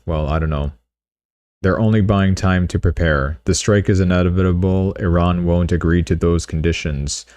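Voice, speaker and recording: A man's voice: deep voice, a little mellow, no echo, studio quality. A man hosting a live news stream, reading headlines aloud and adding sarcastic, offhand remarks. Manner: sarcastic, offhand, reads headlines then riffs. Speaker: crypto news livestream host. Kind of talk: casual live-stream commentary.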